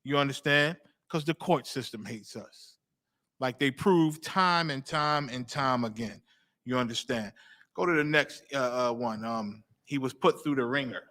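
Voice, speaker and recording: A man's voice: mid-range voice, unhurried, bright, forceful tone. A male host giving preaching commentary, emphatic, repeating phrases and checking in with 'you understand?'.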